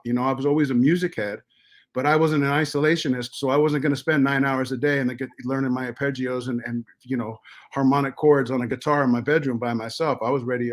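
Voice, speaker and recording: A middle-aged American man telling stories as a podcast guest, animated and profane, with many restarts. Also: medium pitch. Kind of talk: casual storytelling.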